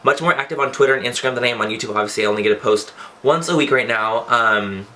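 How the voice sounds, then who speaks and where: Bright-voiced campy young man. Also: medium pitch, fast talker. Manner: chatty, campy, swears playfully. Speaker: beauty vlogger. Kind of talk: casual makeup tutorial.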